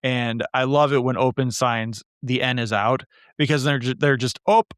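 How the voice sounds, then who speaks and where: Midwest guy hosting a podcast, rambly casual chat, smooth voice, dead dry sound. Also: medium pitch, fairly even intonation, moderate pace, fairly bright tone, no room sound. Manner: chatty, rambling, self-deprecating. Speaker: podcast host.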